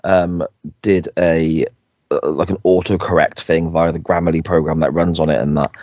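A man's voice: very deep voice, level tone, normal speed, darkish tone, dry recording, muffled recording. A man co-hosting a podcast, chatting casually and laughing as he retells episode scenes with quoted lines. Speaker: podcast co-host. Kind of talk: casual chat recapping an episode.

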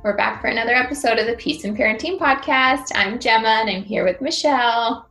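A woman's voice: on the high side, brisk, gravelly, pushed and bright, reverberant, soft background music. A woman co-hosting a parenting podcast, talking in a casual, chatty way with lots of "like". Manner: chatty, peppered with "like". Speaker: podcast co-host.

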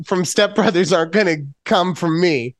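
A man in his late thirties co-hosting a podcast, telling stories in a rambling, animated way, swearing freely and poking fun at himself. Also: high-pitched, moderate pace, dry recording, clean studio sound. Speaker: podcast co-host. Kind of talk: casual chat.

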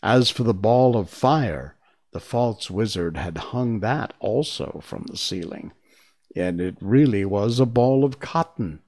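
A man reads a storybook aloud in a calm, measured way. His fairly low voice moves slowly and swings widely in pitch. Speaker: narrator. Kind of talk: storybook narration.

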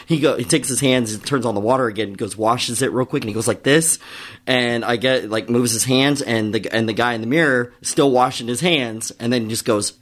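A man's voice: mid-range voice, a little fast, fairly bright tone. Profane, rambling male storyteller. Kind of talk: casual podcast chat.

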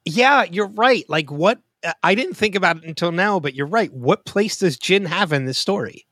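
A man co-hosting a podcast, talking through a TV episode in casual chat, openly emotional and quick to restart his sentences. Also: high voice, lively intonation, sharp tone, no echo. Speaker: podcast co-host. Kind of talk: casual TV show discussion.

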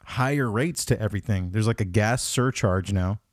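A man hosting a comedy podcast with a slightly low voice, recorded close and dry. He rambles and swears freely, getting excited as he riffs. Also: normal speed, no room sound. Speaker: podcast host. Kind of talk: casual comedic podcast chat.

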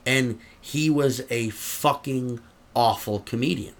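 A man's voice: mid-range voice, slow. A man, a comedian, chatting casually as an interview guest, rambling and swearing freely. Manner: profane, rambling, animated. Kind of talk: casual chat.

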